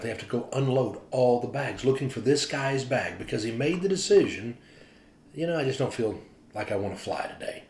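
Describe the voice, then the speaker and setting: Pastor guy telling a story, gets animated and acts out the people in it, echoey room. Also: mid-range voice, vocal fry. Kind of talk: devotional storytelling.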